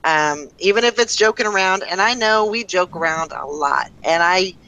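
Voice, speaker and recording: A woman hosting a live online show, talking slowly and earnestly to her audience with many fillers. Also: on the low side, bright, forceful tone, poor audio. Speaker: host. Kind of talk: casual live show chat.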